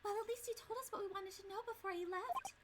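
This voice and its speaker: Woman doing a polite, high young assistant. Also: fast, heavy background noise. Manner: polite, formal.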